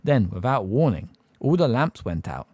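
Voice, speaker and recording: A man narrating a fantasy audiobook with an expressive delivery. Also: mid-range voice, normal speed, dry recording. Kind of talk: fan audiobook reading.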